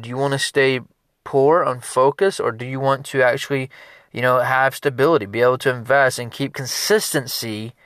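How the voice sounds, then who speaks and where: A business consultant delivers an energetic motivational talk, speaking conversationally and repetitively. His medium-pitched voice has no echo and clean studio sound.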